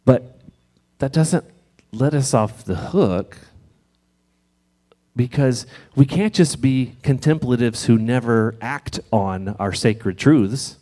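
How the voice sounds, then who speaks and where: A man preaching in church in a conversational, gently reassuring way, sometimes reading scripture aloud. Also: medium pitch, expressive, takes it slowly. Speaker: pastor. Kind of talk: sermon.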